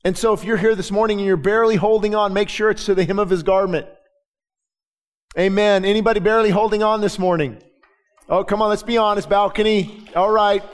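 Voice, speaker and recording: A pastor preaching a sermon in a church, swinging from soft, halting storytelling to loud, fervent proclamation full of repeated phrases. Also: male voice, high-pitched, steady tone, clear, resonant tone. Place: church with a balcony.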